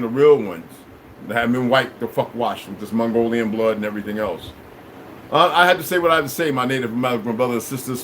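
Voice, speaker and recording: A man delivering a combative, profanity-laden monologue to camera, dropping to low mutters and rising to shouts, with many restarts and repeated words. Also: a little hiss or hum. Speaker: vlogger.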